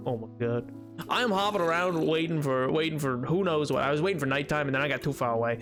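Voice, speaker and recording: A man's voice: animated, brisk, a bit bright, soft background music. Playful rambling male streamer. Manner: rambling, playful, jumpy pitch, laughs often. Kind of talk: casual live-stream chat while gaming.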